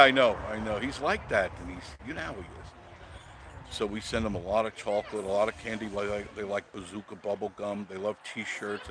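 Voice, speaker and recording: A man's voice: fairly low pitch, noisy background. A man hosting an unscripted live stream, talking bluntly and chattily and greeting viewers by name as he goes.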